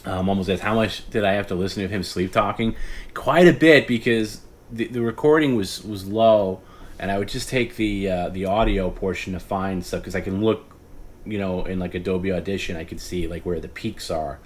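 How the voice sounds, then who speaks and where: A man hosting a casual late-night stream, rambling, often laughing and breaking into hushed imitations of others. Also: deep voice, normal speed, slight background noise. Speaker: podcast host.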